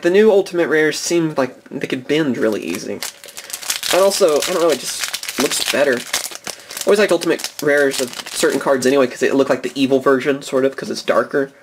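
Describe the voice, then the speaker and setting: Young adult male, casual card-opening host, enthusiastic and rambling, laughs a lot. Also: fairly high pitch. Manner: chatty and enthusiastic, chuckles often. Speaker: card-collecting video host. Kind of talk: casual box-opening commentary.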